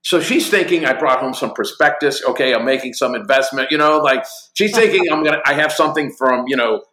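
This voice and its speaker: A company executive in his sixties, a guest in an interview, tells lively anecdotes and acts out both sides of each conversation with gusto. His mid-range voice is bright and forward, his pace brisk, and the room sounds echoey.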